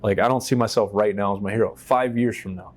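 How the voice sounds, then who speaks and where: A man from the United States tells his story as an interview guest, speaking in a fairly low voice. His telling is animated and profane, and he acts out the lines of the people he quotes. He is seated on a stage inside a shop. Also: quick pace.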